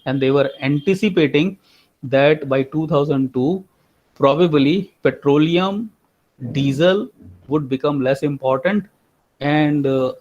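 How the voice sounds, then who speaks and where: A man's voice: medium pitch, a little mellow. A man giving a finance lecture, explaining step by step, repeating key terms with frequent fillers. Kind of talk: recorded lecture. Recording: muffled lo-fi recording.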